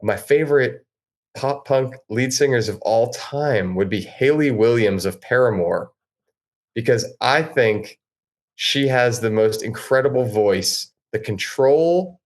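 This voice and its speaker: A man's voice: medium pitch, unhurried. A man who is a guest musician on a podcast, talking casually and with enthusiasm, rambling a little as he goes.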